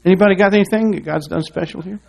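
A man's voice: high-pitched, very fast, creaky, darkish tone, breathy edge. A man preaching a sermon in a church, rambling and folksy with asides and restarts, reading scripture aloud to his congregation. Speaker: pastor.

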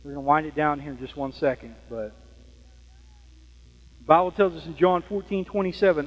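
A man preaching a sermon in a conversational way, often pausing to ask "Amen?". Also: fairly high pitch, steady tone, long reverb tail, rough recording. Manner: conversational, frequent fillers and "Amen?" checks.

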